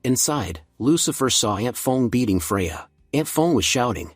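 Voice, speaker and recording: A man narrates a story recap in a husky voice that stays steady and even. The sound is dry and close, with soft music behind him. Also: mid-range voice, a little slow, few pauses, no room sound.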